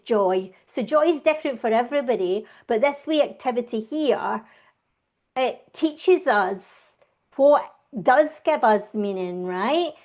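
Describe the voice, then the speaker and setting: A Scottish woman speaks quickly and with plenty of enthusiasm, guesting in a relaxed interview. Her voice sits a little high, and her talk tumbles along in a lively rush. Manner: fast, enthusiastic talker. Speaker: guest, wellbeing coach. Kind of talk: conversational interview.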